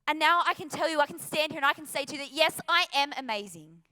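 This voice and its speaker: A woman's voice: high voice, fast talker, sharp tone. An Australian woman giving an earnest, emphatic motivational talk with rhetorical questions. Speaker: motivational speaker.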